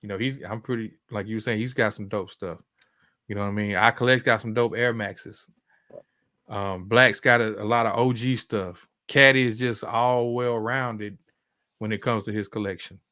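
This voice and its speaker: A man's voice: fairly low pitch, steady tone, normal speed, pushed and bright, no room sound, clean studio sound. A man talking as a guest in a casual chat, rambling with lots of fillers. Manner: rambling, many fillers and restarts. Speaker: guest, sneaker collector.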